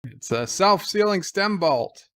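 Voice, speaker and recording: A man's voice: sits high, expressive, slow pace, fairly bright tone, clean tone. A man giving casual live commentary on an episode, retelling scenes by quoting lines.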